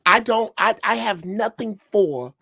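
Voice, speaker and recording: A man's voice: high-pitched, animated, a little slow, creaky, sharp tone, a little hiss or hum. A man in his sixties from Chicago, telling a story on a podcast in a blunt, profane way. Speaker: podcast panelist. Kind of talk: casual chat.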